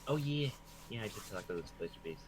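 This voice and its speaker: A man playing in a tabletop game, talking casually with a rambling, halting manner. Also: on the low side, expressive, a little hiss or hum, poor audio. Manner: rambling, restarts, swears. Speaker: player.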